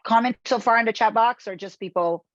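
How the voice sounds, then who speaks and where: A woman's voice: on the high side, fairly quick, dry recording, dull audio. A woman from Brazil giving a motivational sales webinar, talking straight to her audience with rhetorical questions. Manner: animated, addresses audience directly, rhetorical questions. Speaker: webinar presenter.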